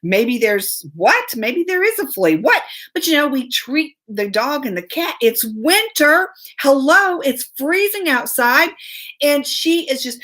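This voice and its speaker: The host of this live show has a high female voice with big pitch swings, a sharp tone, and a slightly slow pace. She spins a long story chattily, laughing, and greets commenters as she goes.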